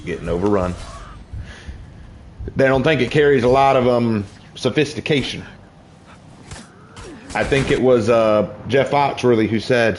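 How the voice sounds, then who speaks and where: A tired man from the Southern United States chatting casually on a gaming stream in a low-key, rambling way. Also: moderate pace, pauses often, slight background noise. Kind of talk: casual live-stream chat while gaming.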